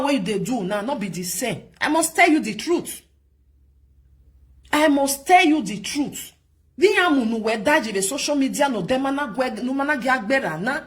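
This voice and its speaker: A Nigerian vlog host with a Nigerian Pidgin accent rants and scolds in casual commentary, her voice slightly high. She's animated and repeats herself for emphasis.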